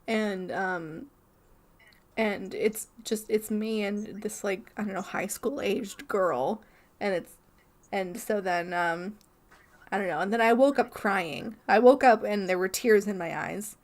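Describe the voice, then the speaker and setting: A woman's voice: medium pitch, slow. A young woman co-hosting a podcast, telling a story in a rambling, casual way full of "like" and restarts. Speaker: podcast co-host.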